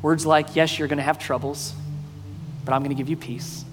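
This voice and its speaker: Pastor guy giving a sermon, goes from quiet and earnest to loud and jokey, big echoey church. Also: fairly high pitch, little pitch movement, normal speed. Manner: shifts from quiet earnest to loud playful bursts. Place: church sanctuary. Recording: long reverb in a hall, faint music.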